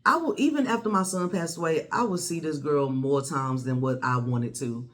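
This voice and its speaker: A woman, telling a personal story to the camera in a blunt, animated way with plenty of swearing. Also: low voice, moderate pace. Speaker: vlogger. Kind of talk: casual storytelling.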